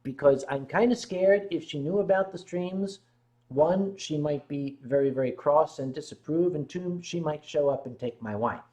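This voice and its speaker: A man's voice: on the high side, normal speed, dark tone. A man hosting a casual livestream, playful and teasing as he chats with his guest and reads viewer comments aloud. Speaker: stream host.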